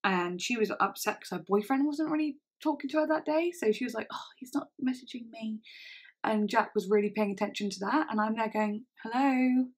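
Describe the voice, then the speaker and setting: Brief: woman, 20s, vlogger, halting storytelling, lots of fillers. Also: mid-range voice, breathy edge. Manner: halting, full of "like" and restarts. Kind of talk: casual storytelling.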